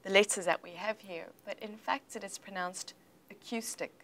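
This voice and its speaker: A woman coaching English pronunciation in a livestream chat, playful and teacherly, modelling words slowly and repeating them. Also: medium pitch, steady tone, background noise.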